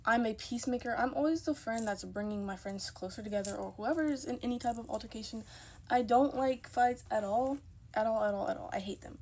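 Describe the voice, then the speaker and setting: A woman's voice: on the high side, brisk, a little mellow, slight background noise. A young woman telling a casual storytime into her phone, chatty and emphatic, acting out the people in her story.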